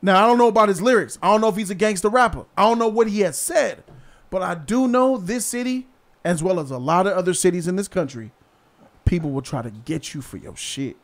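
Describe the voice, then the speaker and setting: A man's voice: sits high, a little fast. A man hosting a casual vlog and giving blunt, slangy street commentary. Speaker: vlog host. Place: outdoors in a city.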